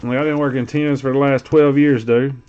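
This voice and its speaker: A man's voice: mid-range voice, level tone, fairly quick, a little mellow, clear, resonant tone, lo-fi sound. A man streaming live as he opens card packs, talking loosely and teasing a viewer. He swears freely and keeps the banter going. His voice sits in an ordinary middle range. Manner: teasing, profane, joking. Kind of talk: casual live-stream chat.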